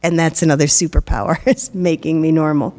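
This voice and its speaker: A woman's voice: low voice, fairly even intonation, fairly quick, a little mellow. A middle-aged woman minister giving a sermon during worship, with a playful manner and joking asides. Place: church sanctuary during worship. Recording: long reverb of a large hall.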